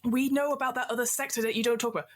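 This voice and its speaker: A woman voicing a blustering, defiant male pirate captain who shouts drawn-out proclamations. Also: on the high side, steady tone, voice pushed up, close to an everyday voice.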